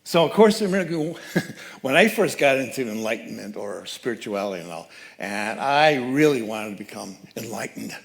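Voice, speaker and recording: A man giving a sermon as guest speaker at a church, telling a story with lively changes of voice. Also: medium pitch, moderate pace, vocal fry. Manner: animated storyteller, acts out quoted voices. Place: church sanctuary.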